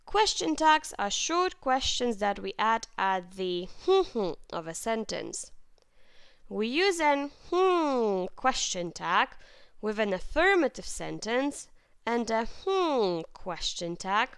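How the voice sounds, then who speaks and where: A woman teaching English grammar in a clear, patient way, with lively intonation and plenty of example sentences. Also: on the high side, slow, dry recording. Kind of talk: grammar lesson.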